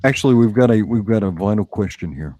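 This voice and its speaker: A man from North Carolina with a low voice hosts a casual chat, dry and close to the mic. He teases his guests with slow, playful questions. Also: animated, mellow, no room sound. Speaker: livestream co-host.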